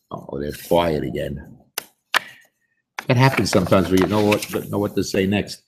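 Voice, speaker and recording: A man reading a picture book aloud to children, expressive and pausing to ask questions. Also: deep voice, vocal fry, background noise. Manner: expressive, slow and animated, asks the listener questions. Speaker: storyteller.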